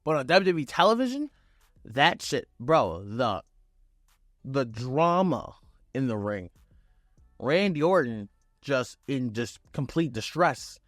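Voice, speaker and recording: A young man giving a casual, excited wrestling show recap, acting out quotes with loose swearing. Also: medium pitch, takes it slowly, long pauses, no room sound, studio quality, faint music behind.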